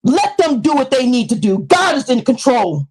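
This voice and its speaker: A woman live streamer reading a letter aloud and answering it in a confrontational, taunting, preachy rant, swinging between low mutters and sudden shrieks. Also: sing-song, moderate pace, darkish tone, breathy edge, poor audio.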